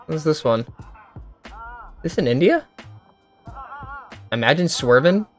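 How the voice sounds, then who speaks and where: Exclaiming reaction video host. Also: female voice, low voice, lively intonation, slow, faint music behind. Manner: loud exclaiming, mocking, gives blunt opinions. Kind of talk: reaction commentary.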